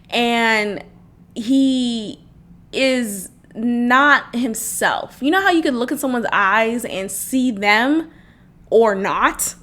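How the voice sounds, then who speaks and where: A young woman with a slightly high-pitched voice tells a personal story on her own podcast. She talks earnestly and informally, often restarting a sentence and repeating words as she works through her thoughts. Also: a bit bright. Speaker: podcast host. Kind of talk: solo podcast monologue.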